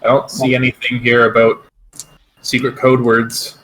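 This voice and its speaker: A man's voice: mid-range voice, completely flat delivery, a little slow, a bit bright, a little hiss or hum, rough recording. Hedging male tabletop player. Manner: thinks aloud, hedging with "sort of" and "I suppose". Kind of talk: tabletop game play.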